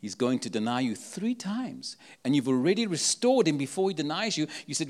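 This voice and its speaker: A man's voice: fairly high pitch, big pitch swings, brisk, few pauses, a little mellow. A man with an accent preaching a sermon, emphatic and full of rhetorical questions. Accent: non-local accent.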